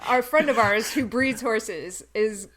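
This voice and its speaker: A woman's voice: fairly high pitch, slow, crowd noise. A Canadian woman co-hosting a casual comedic chat, giggling often as she talks. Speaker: podcast co-host.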